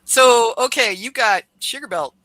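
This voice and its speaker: A woman's voice: fairly high pitch, unhurried, sharp tone, no room sound. A woman hosting a podcast in casual conversation, chatty as she describes the tasting notes of a mead. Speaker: podcast host.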